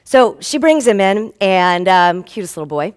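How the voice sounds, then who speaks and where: A woman at a middle pitch gives an earnest, emotional inspirational talk as a health practitioner. She tells patient stories with lively acted-out dialogue. She builds toward stirring calls to action. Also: normal speed, smooth.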